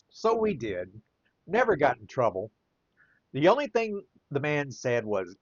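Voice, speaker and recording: A man's voice: mid-range voice, normal speed, dry recording, lo-fi sound. A man telling a casual anecdote while he draws, chuckling often as he talks. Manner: chuckles often, lively rise and fall. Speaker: artist and storyteller.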